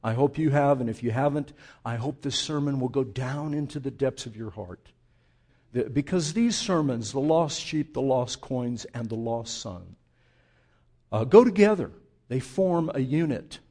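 A man's voice: medium pitch, animated, measured pace, mellow. A male pastor preaching a sermon, speaking straight to his congregation and acting out the voices of the people in his story.

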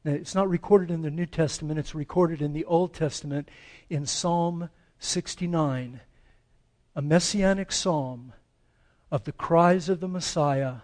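An American man, a pastor, preaching a dramatic sermon, swinging between loud pleading and slow hushed reading. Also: fairly high pitch. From United States. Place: church sanctuary.

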